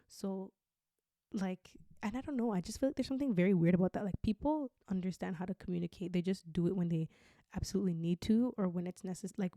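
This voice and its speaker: A young woman hosts a podcast in a candid, chatty monologue, filling her talk with "like". Her voice is mellow and sits in a middle range, and the recording is dry and close, with no room sound. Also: lowish voice, no echo. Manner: candid, chatty, heavy use of "like". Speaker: podcast host.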